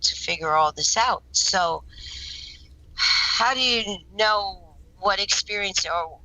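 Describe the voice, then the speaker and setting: A woman's voice: medium pitch, slow pace, bright, forceful tone, poor audio. A woman guest in an interview, telling her experiences in an earnest, rambling way, often restarting and repeating words. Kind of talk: casual spoken storytelling.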